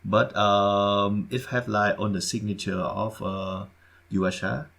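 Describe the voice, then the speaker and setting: Man, podcast co-host, deep voice, halting and repetitive delivery. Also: little pitch movement, creaky, a bit bright. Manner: hesitant, repeats words, halting phrasing. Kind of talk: casual podcast chat.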